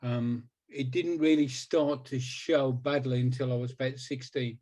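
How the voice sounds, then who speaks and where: A man's voice: mid-range voice, steady tone, a little slow, mellow. A man in his sixties, a hypnotist guest in a conversational interview, talking emphatically and repeating words for stress.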